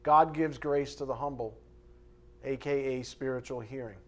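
A man's voice: medium pitch, fairly even intonation, moderate pace, a bit bright. A male pastor preaching a sermon in a blunt, conversational way, with sarcastic asides.

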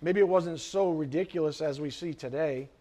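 Animated high-voiced male preacher. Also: moderate pace. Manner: animated, acts out quoted voices. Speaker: pastor. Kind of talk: sermon.

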